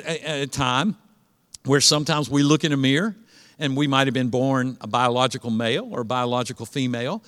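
A man's voice: on the high side, bright, forceful tone, long reverb tail. A man preaching a sermon as pastor, chatty, throwing questions at the congregation. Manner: conversational, asks the congregation questions.

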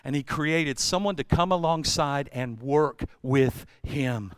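A male pastor preaching a sermon, telling stories with humor and swinging from loud bursts to hushed passages. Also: mid-range voice, slow pace, clear, resonant tone, dry recording. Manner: energetic storytelling, jumps between loud and hushed; playful asides and self-deprecating humor.

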